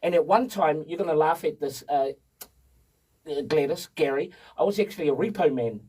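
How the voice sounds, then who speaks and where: A man, an energetic and chatty storyteller talking as a guest on a radio show. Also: fairly high pitch, brisk, husky, far from the mic, rough recording. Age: 50s. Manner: energetic, chatty storyteller who laughs often. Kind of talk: casual radio interview. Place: radio studio.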